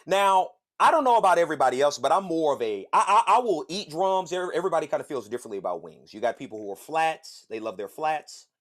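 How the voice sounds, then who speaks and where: A man tells a rambling story on his podcast. His pitch swings all over the place, and he curses freely as he jumps between voices. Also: quick pace, hardly any pauses. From Southern United States. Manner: animated, profane, acts out other voices. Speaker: podcast host. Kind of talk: casual storytelling monologue.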